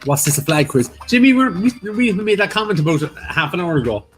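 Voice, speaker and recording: Brief: Irish male co-host, jokey, bouncy lively pitch. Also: fairly quick, faint music behind. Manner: teasing, lively, jokey asides. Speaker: quiz co-host. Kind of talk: casual live-stream quiz banter.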